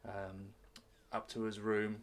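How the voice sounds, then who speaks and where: A man's voice: fairly low pitch, completely flat delivery, slow. A man narrating as game master on a streamed tabletop game, telling the story loosely with many restarts.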